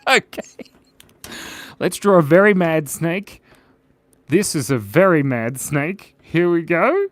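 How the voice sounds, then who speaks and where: A man's voice: fairly high pitch, sing-song, slow, no room sound. A man hosting a live drawing stream, chatting playfully with viewers and reading out their comments. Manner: playful, chatty, reads out viewer comments, often drops to a mumble while drawing. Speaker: livestream drawing host.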